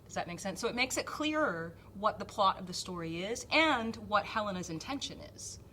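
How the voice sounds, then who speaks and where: Bright-voiced woman acting coach. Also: mid-range voice, lively intonation, a little fast, slight background noise. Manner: patient, filler-heavy explaining. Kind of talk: explaining acting technique.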